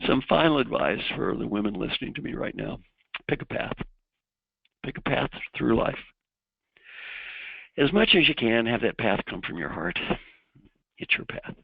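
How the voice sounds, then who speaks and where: A man with a raspy voice giving a motivational keynote talk, directly coaching the audience through exercises. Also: medium pitch, animated, normal speed, pauses often, no room sound, lo-fi sound. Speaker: keynote speaker.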